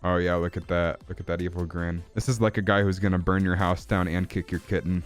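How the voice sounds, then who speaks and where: A man's voice: sits low, level tone, brisk, hardly any pauses. A man casually talking through his digital drawing as he streams, goofy and playful, in a put-on accent, with faint music behind. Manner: goofy and playful, silly sound words and mock grandeur. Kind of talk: casual live-stream commentary while drawing.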